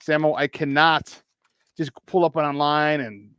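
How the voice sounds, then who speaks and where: Male sports-radio host with a high pitch and a jokey, animated, laugh-prone delivery, on a dry close studio mic. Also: unhurried, clean tone, no echo. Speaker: sports talk show host. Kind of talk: casual sports talk.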